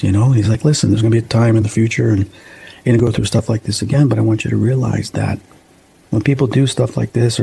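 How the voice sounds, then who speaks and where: A man's voice: fairly low pitch, gravelly, warm tone, slightly rough. A man in his fifties, a guest medium, earnestly telling a personal story and acting out the dialogue. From United States. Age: 50s. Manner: earnest, acts out quoted dialogue.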